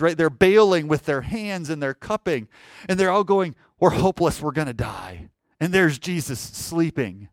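A man's voice: on the high side, dry recording. A man preaching a sermon, asking the congregation rhetorical questions and acting out panicked cries. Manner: animated preaching, rhetorical questions, acts out shouts. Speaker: pastor.

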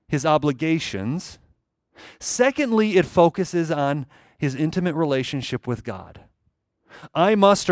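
A man's voice: fairly high pitch, dry recording, clean studio sound. A man preaching a sermon, emphatic and repeating key phrases for weight. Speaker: pastor.

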